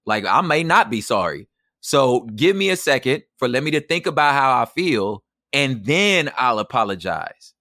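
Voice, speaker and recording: Animated slangy man telling stories. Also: medium pitch, normal speed, no echo, studio quality. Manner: animated, slangy, acts out quotes. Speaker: podcast guest. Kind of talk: casual storytelling.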